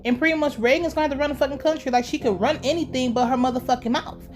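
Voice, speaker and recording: A woman's voice: high voice, racing, soft background music. A young woman giving a casual, slangy episode recap, ranting with lots of swearing. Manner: profane, slangy, fired-up ranting. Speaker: TV show reviewer.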